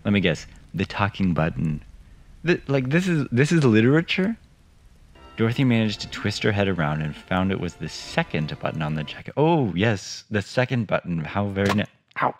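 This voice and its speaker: A man reading a children's story aloud and breaking in with sarcastic, deadpan asides. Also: low voice, fairly quick, hardly any pauses, faint music behind. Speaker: reader and host. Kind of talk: audiobook reading with sarcastic commentary.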